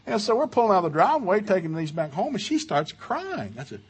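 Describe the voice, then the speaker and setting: A middle-aged man preaching at a marriage seminar, telling loud, animated family stories between scripture readings. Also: quick pace, breathy edge. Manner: loud and animated, with big jumps in pitch and volume and laughter at his own stories; folksy storytelling mixed with scripture reading. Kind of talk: sermon.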